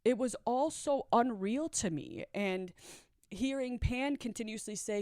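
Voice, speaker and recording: A woman recounting a painful personal memory in a candid, confessional way. Her voice is smooth and clear at a middle pitch, recorded close and dry, with a nervous laugh slipping through at times. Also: a little slow, a little mellow, no room sound. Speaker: storyteller sharing a personal story.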